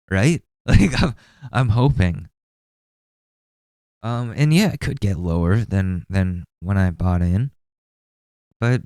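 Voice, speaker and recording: A man's voice: lowish voice, a little mellow, dry recording, studio quality. A man hosting a podcast in a casual, rambling way, swearing often and mocking what he sees. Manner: profane, rambling, sarcastic. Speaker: podcast host.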